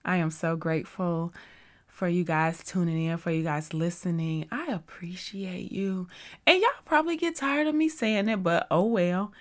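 A woman's voice: lowish voice, animated, moderate pace. A woman hosting a faith-based podcast, talking at a studio mic in a chatty, rambling, effusive way. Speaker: podcast host.

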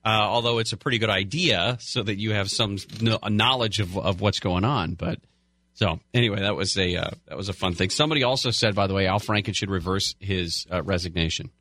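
A man's voice: on the low side, a little fast, sharp tone, dry recording. A man co-hosting a talk radio show, rambling with hesitant asides. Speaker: radio co-host.

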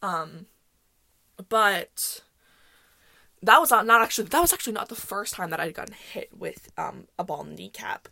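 A woman's voice: medium pitch, expressive, normal speed, gravelly, pauses often, bright, forceful tone, no echo. A woman hosting a casual solo podcast, telling stories in a rambling way, often correcting herself and laughing. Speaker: podcast host.

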